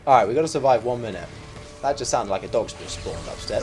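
A young man giving live gameplay commentary as a gaming YouTuber, excitable, yelping and shouting at the game. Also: medium pitch, a little fast, husky, soft background music.

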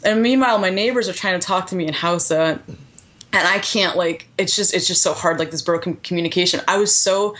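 A woman in her thirties, a podcast guest recounting a personal story in an animated way, with many "like" fillers. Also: fairly low pitch, a little fast. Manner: animated, heavy use of "like" fillers.

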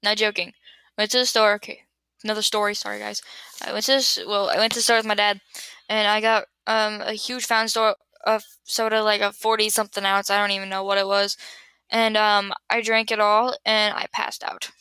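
A woman's voice: medium pitch, level tone, brisk, sharp tone, clean tone, no echo. A young woman rambling casually to her webcam at home, giggling, losing her train of thought and restarting. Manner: giggly, scatterbrained, trails off and restarts. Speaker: vlogger answering would-you-rather questions. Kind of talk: casual rambling chat to camera. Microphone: built-in computer webcam mic.

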